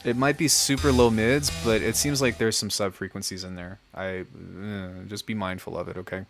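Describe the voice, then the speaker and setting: A man's voice: on the low side, moderate pace, creaky, faint music behind. Laid-back young man on a stream. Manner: relaxed, friendly, chatty with fillers. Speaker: music producer streaming feedback. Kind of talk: casual livestream chat.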